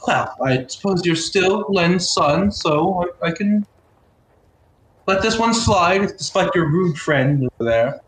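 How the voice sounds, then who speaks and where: A man's voice: sits high, animated, slow pace, echoey room, pitched above the performer's own voice, poor audio. A man voicing a prim, easily offended male scholar wizard, with a raised, huffy voice.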